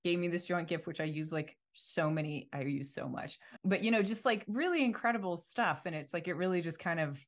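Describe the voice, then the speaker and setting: A woman's voice: fairly low pitch, animated, fairly quick, hardly any pauses. A woman co-hosting a podcast, talking in a rambling, reflective way with many fillers. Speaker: podcast co-host. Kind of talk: casual chat.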